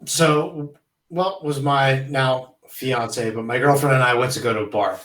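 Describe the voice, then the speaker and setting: A man's voice: mid-range voice, measured pace, a bit bright. A young man chatting casually as a podcast guest, rambling and laid-back, with some swearing. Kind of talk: casual chat, storytelling. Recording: roomy, from a distance.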